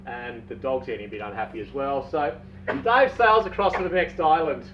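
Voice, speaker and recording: A man casually telling a long shaggy-dog joke, playful and drawn-out, heard from a distance in a dull recording. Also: mid-range voice, noisy background. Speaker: storyteller.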